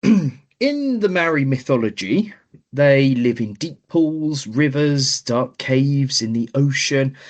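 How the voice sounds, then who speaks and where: A man co-hosting a podcast, explaining a legend in casual chat with lots of hesitant ums. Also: medium pitch. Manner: hesitant, many ums while explaining research. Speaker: podcast co-host.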